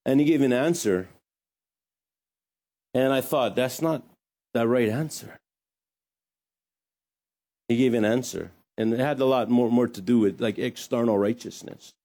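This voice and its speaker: A man preaching a sermon as pastor, lively, with joking asides. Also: mid-range voice.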